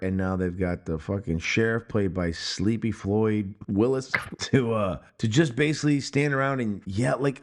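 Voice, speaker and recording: Guy cohosting a movie podcast, swears a lot, voice jumps all over, mocking rants. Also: on the low side. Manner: profane, animated, mocking rants. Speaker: podcast co-host. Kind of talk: casual film-review banter. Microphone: headphones and studio mic.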